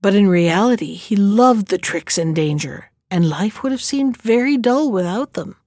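A woman narrating a storybook tale in a steady, measured way. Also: medium pitch, no room sound, studio quality. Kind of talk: storybook reading.

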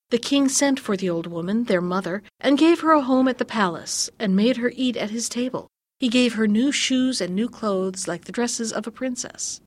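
A woman tells an old fairy tale in a measured, gently expressive way. Her voice sits a little high, and the recording is close and dry with no room sound. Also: no room sound. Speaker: storyteller. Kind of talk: scripted narration of a fairy tale.

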